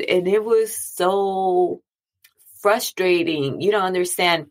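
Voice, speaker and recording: A woman's voice: lowish voice, slow. A woman speaking earnestly in a reflective monologue, talking casually and repeating phrases for emphasis. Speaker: speaker on mental health and boundaries.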